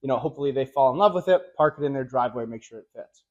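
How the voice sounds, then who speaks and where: A man teaching car sales closing techniques in a direct, energetic coaching manner, with casual slangy phrasing. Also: medium pitch, racing, highs cut off. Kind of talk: instructional video talk.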